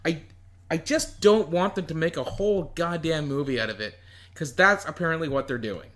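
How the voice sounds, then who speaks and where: A man's voice: a little high, moderate pace, fairly bright tone. A man co-hosting a podcast, discussing a movie casually and often restarting his sentences. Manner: hesitant, repeats words. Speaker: podcast co-host.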